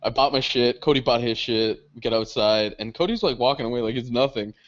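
A young man co-hosting a podcast, telling stories in casual chat. He swears often, laughs through his stories and jumps high when he quotes other people. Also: fairly quick. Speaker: podcast co-host. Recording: dull lo-fi podcast audio.

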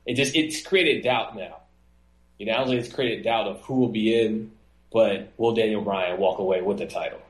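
A man co-hosting a casual wrestling podcast, talking in an animated way and acting out quotes in a high mocking voice. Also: moderate pace, reverberant, rough recording. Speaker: podcast co-host.

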